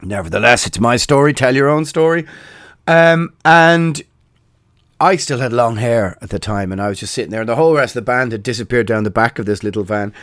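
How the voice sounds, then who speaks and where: A man's voice: mid-range voice, expressive, fairly quick, a bit bright, dry recording, studio quality. Rambling Irish man telling tour stories. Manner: rambling, many fillers and self-corrections. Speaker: podcast host. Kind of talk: casual anecdotal storytelling.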